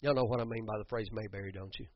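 A man's voice: fairly low pitch, fairly even intonation, rapid-fire. Male pastor, middle-aged, fervent sermon, echoes his own lines, dull dry recording. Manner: fervent, repeats phrases for emphasis, many restarts.

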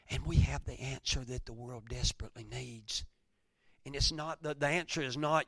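A man preaching a conversational sermon, telling stories, then rising loud and dropping to near whispers. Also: medium pitch, animated, moderate pace, no echo, studio quality. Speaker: pastor.

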